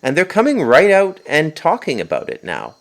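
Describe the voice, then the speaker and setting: A man's voice: a little high, wildly swooping pitch, moderate pace, vocal fry. A man delivering a spoken monologue as host, insistent and peppering his points with a questioning "okay?". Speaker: host and author.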